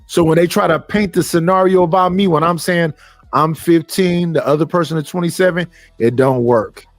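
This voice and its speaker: A man's voice: on the high side, normal speed, no echo, soft background music. A middle-aged man, hosting a live stream and ranting bluntly and profanely, preaching at his listeners. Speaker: stream host. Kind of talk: casual live-stream rant.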